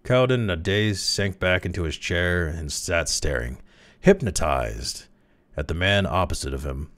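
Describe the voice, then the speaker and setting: A deep-voiced man reads a short story aloud. His pitch moves expressively. Now and then he breaks off with amused, chuckling asides. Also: animated, unhurried, fairly bright tone. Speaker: reader.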